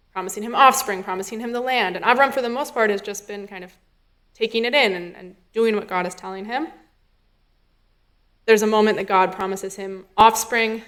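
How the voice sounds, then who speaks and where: Woman giving a conversational sermon. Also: mid-range voice. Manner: conversational, thinking aloud with fillers and quoted dialogue. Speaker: rabbinic intern. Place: synagogue sanctuary.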